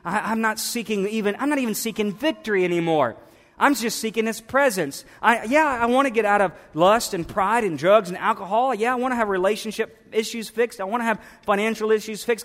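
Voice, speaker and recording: A man preaching a passionate sermon, swinging between hushed, pleading passages and loud, fervent outbursts. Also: sits high, fairly quick. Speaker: pastor. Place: church sanctuary. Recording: long reverb of a church hall.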